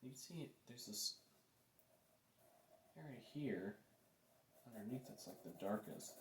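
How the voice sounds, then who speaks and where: A man teaching a drawing lesson, talking through each step as he draws and often dropping to a soft, low voice. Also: measured pace. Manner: relaxed, thinking aloud while drawing, often soft and low. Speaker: art teacher. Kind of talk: drawing demonstration. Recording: echoey room, faint background noise.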